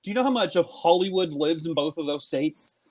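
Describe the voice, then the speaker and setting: A man co-hosting a live election-night chat, animated and sarcastic, saying "like" a lot. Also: a little high, fairly quick, a crowd in the background.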